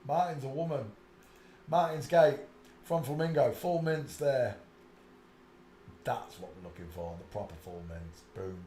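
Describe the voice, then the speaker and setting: A man's voice: a little mellow, slight background noise. Male streamer, rambling commentary with muttered asides, echoey room, mid-range voice. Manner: breaks into high shrieking laughter. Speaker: live stream host.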